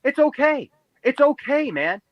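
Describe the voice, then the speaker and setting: A man's voice: extremely high pitch, sing-song, measured pace, no room sound, dull audio. A man co-hosting a live stream, arguing emphatically and repeating himself as he pleads his point in a heated debate. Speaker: stream co-host.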